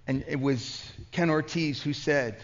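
A man's voice: a little high, a little slow. A man with a New York accent preaching at a conference, telling stories with passion and frequent stammering restarts. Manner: impassioned, stammering restarts, storytelling. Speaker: pastor. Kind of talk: conference sermon. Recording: dull lo-fi recording.

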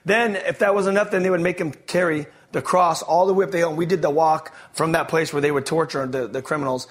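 Slangy, excitable man. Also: on the high side. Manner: energetic, slangy storytelling with quick restarts. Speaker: speaker giving his testimony. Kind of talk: testimony preaching to a live audience.

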